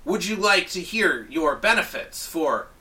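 A man imitating a stubborn automated phone menu, with slow, mechanical, repetitive phrasing. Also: high voice, big pitch swings, pushed and bright, recorded from a distance, voice pushed up, full character voice. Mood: robotic.

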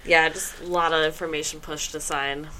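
A woman's voice: low voice, steady tone, normal speed, pushed and bright. A woman co-hosting a podcast in casual chat, playful and rambling, laughing along. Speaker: podcast co-host.

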